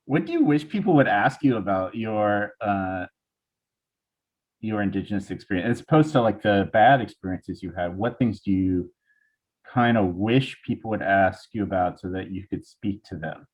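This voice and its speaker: A man's voice: on the low side, lively intonation, normal speed. A man hosting a casual interview, asking rambling, hesitant questions. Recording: dull lo-fi audio.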